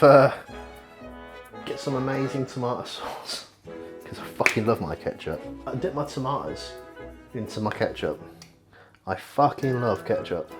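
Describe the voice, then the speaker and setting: A man's voice: medium pitch, rough recording. Chatty man cooking over sizzling pan. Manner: chatty, rambling, swears casually. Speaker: vlogger. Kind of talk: casual cooking vlog. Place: home kitchen. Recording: music playing behind. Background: frying sizzle and music.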